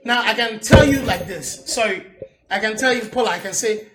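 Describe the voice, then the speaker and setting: A man's voice: high-pitched, normal speed, reverberant, over loud music. A man hosting a live comedy chat show, joking and lecturing through examples. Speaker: comedian host.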